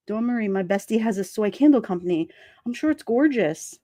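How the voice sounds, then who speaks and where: A woman's voice: fairly high pitch, lively intonation, fairly quick, darkish tone, dry recording. A woman hosting a livestream, chatting casually and reading viewer comments aloud, laughing often and slipping into quoted voices. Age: adult with children. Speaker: livestream host.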